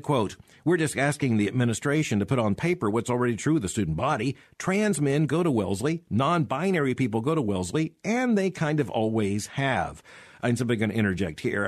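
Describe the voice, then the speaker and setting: A man's voice: mid-range voice, no room sound, studio quality. A middle-aged man giving emphatic radio commentary, with sarcastic asides.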